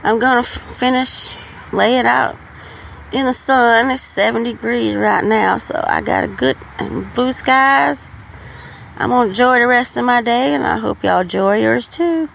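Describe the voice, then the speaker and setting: Slow, gravelly woman rambling. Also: on the high side, a bit bright, slight background noise, low-quality recording. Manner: rambling, folksy, with frequent restarts. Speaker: podcast host. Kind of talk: casual storytelling monologue.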